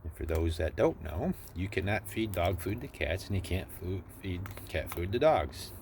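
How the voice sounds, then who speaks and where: A man talking softly to a stray cat on his porch, slipping into cooing baby talk. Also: lively intonation, moderate pace, creaky, a little hiss or hum. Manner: soft baby talk to a cat, jumps high and gentle. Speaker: vlogger feeding a stray cat. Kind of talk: casual talk to an animal. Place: outdoors on a porch.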